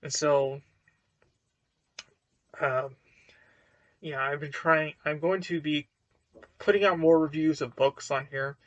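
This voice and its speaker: Slow, halting young man reviewing a book. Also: a little high, steady tone, dry recording, dull audio. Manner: slow, hesitant, lots of fillers and restarts. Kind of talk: casual talking-head book review.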